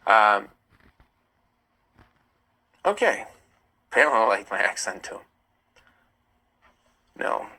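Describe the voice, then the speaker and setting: Reading viewer comments aloud, a young American livestream host responds in an animated, argumentative manner. His lowish voice moves very slowly with long pauses, and the recording is low quality.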